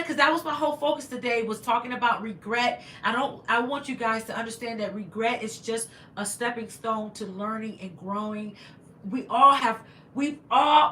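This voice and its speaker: Her voice is fairly high and sharp, with a touch of hiss or hum, as she hosts a relaxed livestream in an echoey room. Sounding a bit congested, she reads viewers' comments and keeps thanking them repeatedly.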